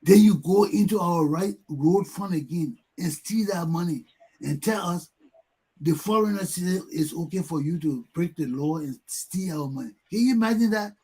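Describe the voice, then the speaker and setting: A Liberian man with a high-pitched voice hosts a talk show and rants about the state of his country. He mocks others by echoing their repeated shouts, and his speech is loose and forceful. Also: normal speed, husky. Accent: Liberian English. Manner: mocks people by mimicking their repeated yelling. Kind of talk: heated talk show commentary.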